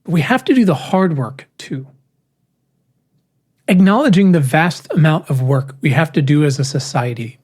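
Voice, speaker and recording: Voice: medium pitch, a little mellow, slightly rough. A podcast host reading their own essay aloud in an earnest, emphatic way, with casual wry asides.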